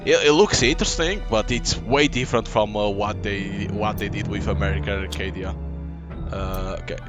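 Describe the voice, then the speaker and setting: A man gives loose, casual commentary over a game, reading its text aloud and dropping quick asides between the lines. His voice sits on the low side and his phrasing halts and restarts. Faint game music plays quietly underneath. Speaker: gameplay commentator.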